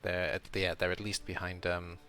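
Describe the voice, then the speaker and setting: A man's voice: sits low, level tone, normal speed, fairly bright tone, slight background noise. A man streaming a casual round-up of his game league as host, rambling and correcting himself as he thinks aloud.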